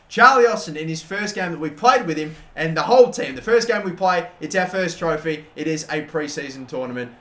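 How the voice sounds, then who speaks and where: Young guy yelling at a football game, bright tense voice, echoey room. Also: a little high. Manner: excitable, swears often, shouts at goals. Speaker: gaming YouTuber. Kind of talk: live gameplay commentary.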